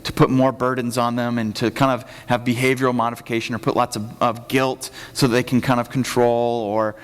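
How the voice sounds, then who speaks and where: Casual preacher in a reverberant hall. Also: male voice, mid-range voice, a little fast, clear, resonant tone. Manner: casual, animated storytelling with acted-out quotes. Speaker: pastor. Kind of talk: conversational sermon. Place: church sanctuary.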